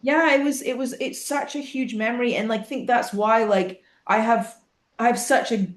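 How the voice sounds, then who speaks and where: A woman from northeast Scotland with a Scottish accent, co-hosting a casual podcast chat and telling stories in an animated way. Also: mid-range voice, roomy sound. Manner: animated storytelling, acts out quoted voices. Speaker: podcast co-host.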